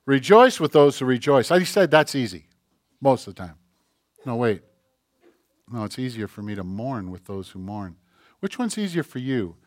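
Lively, joking middle-aged preacher. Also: male voice, mid-range voice, moderate pace, pauses often, dry recording, clean studio sound. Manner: animated, rhetorical questions, self-mocking humor. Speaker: pastor. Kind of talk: sermon.

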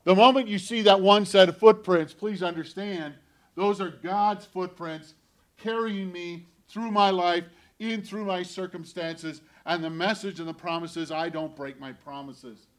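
Preaching with earnest personal storytelling, this pastor's voice sits high and steady, his pace measured. He swings from forceful, loud declarations down to almost whispering.

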